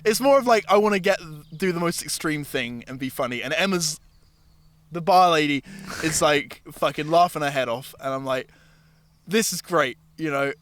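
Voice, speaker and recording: At a moderate pace and with a clean tone, this podcast host's slightly high voice carries a story through a relaxed chat. He's an animated storyteller who swears a lot and performs the characters' voices.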